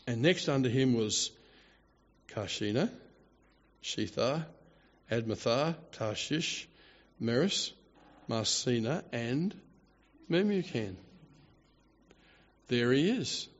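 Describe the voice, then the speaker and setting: A man preaching a sermon, animated and theatrical, with mocking asides. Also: medium pitch, slow, pauses often, big-room sound. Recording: dull lo-fi recording.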